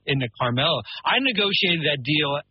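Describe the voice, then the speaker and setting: A man's voice: a little high, lively intonation, moderate pace, breathy edge, no echo. A man telling rambling stories in casual talk-show chat, full of fillers and restarts. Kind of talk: casual storytelling. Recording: muffled radio broadcast.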